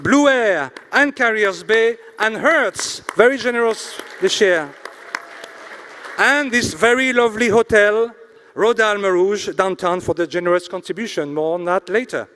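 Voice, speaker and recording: A man hosting an awards ceremony in a hotel event hall. He reads out sponsors slowly and drops jokes between them. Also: high voice, animated, sharp tone, a faint crowd, slight background noise. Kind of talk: emcee announcing and joking on stage.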